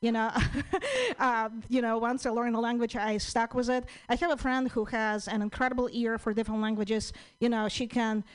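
A woman with a Russian-Ukrainian accent doing stand-up at an open mic. She speaks in a fairly high voice and delivers her jokes deadpan, with halting ums between lines. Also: clear, resonant tone, rough recording. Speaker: stand-up comedian.

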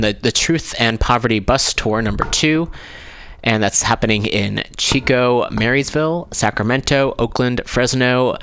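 A man hosting a community radio show, reading event announcements in a relaxed, chatty way and correcting himself as he goes. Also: lowish voice, clear, resonant tone, no room sound. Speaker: radio host. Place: radio studio. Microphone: studio microphone.

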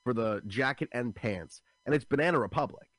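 A young man, a comedian speaking as a guest. His voice sits in a middle pitch. The sound is dry and close, with hardly any room. He tells animated stories with lots of restarts. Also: no echo. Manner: quick, animated storytelling with many restarts. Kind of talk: casual interview chat.

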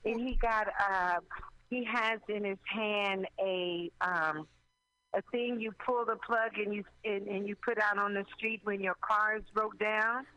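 Rich: A woman on a radio show tells a rambling, animated story in casual chat and swears freely. Her voice is bright and forceful. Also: mid-range voice, a little slow, no room sound, low-quality recording. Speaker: radio co-host.

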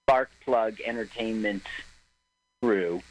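A man's voice: on the low side, takes it slowly, poor audio. A man co-hosting an internet radio talk show, chatting casually and rambling about movies, laughing often. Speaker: co-host.

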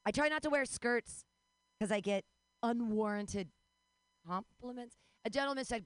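A woman in her forties doing a rambling, self-deprecating stand-up comedy set, breaking into sudden high yelps and laughter. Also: measured pace, long pauses, no echo. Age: 40s.

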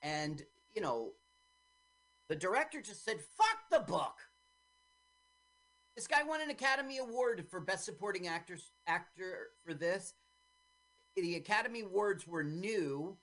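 A woman's voice: on the low side, moderate pace, low-quality recording. A woman co-hosting a casual film podcast, telling behind-the-scenes stories and acting out the quoted lines. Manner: animated storytelling, acts out quoted lines. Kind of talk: casual chat about an old film.

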